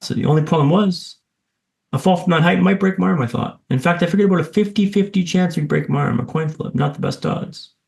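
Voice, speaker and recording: A man's voice: a little high, fairly quick, gravelly, a little mellow, echoey room. A man guest on a podcast, telling a dramatic personal story in vivid, punchy lines with self-deprecating humour.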